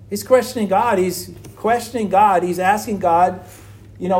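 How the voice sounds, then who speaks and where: A man's voice: high-pitched, expressive, normal speed, darkish tone. A man preaching an earnest sermon on struggling faith, full of rhetorical questions. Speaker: pastor.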